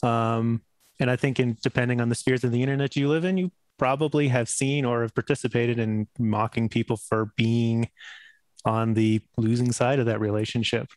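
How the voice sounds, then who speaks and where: A man who is a cast member on a gaming stream, speaking earnestly in casual chat, halting and restarting often. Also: medium pitch, steady tone, a little mellow, no echo.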